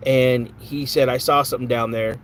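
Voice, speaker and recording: A man's voice: medium pitch, steady tone, normal speed, a little hiss or hum, poor audio. A man hosting a podcast live stream, chatting casually with viewers in a rambling, off-the-cuff way. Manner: rambling, reads chat aloud, flares up angrily at a troll. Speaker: podcast host.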